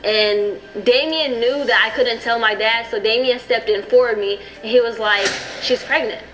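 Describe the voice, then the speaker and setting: A woman's voice: a little high, fairly even intonation, normal speed, noisy background. A young adult woman recounting personal events in a documentary interview, with frequent "you know what I'm saying".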